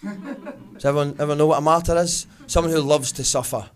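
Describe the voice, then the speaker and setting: A Glaswegian man in his thirties performing a stand-up comedy set, telling stories and slipping into quick voices of his family. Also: fairly high pitch, steady tone. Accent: Glaswegian Scottish. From Scotland. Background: audience laughter.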